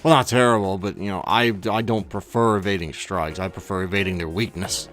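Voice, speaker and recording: A deep-voiced man talks through his gameplay in a loose, rambling way. He often stops to correct himself and chuckles at his own remarks. Faint game music plays behind him. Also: fairly even intonation, a little fast, fairly bright tone. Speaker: let's play gamer. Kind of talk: casual gameplay commentary.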